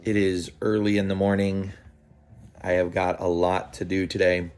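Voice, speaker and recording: A man with a lowish voice tells a story in a relaxed, unhurried way, pausing often and restarting his sentences. He speaks outdoors in the early morning. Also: clean tone. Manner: relaxed, halting, many fillers and restarts. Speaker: vlogger. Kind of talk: casual storytelling to camera.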